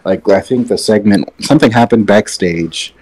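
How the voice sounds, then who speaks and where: A man co-hosts a casual wrestling chat podcast, rambling and offering strong opinions while sitting far from his microphone. His voice is fairly low and a little mellow, at a normal speed.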